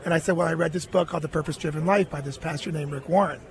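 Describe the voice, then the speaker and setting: A man's voice: on the high side, steady tone, very fast. A middle-aged man, a guest on a radio interview, earnestly telling a personal story and quoting other people in his own voice. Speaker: guest, former baseball catcher.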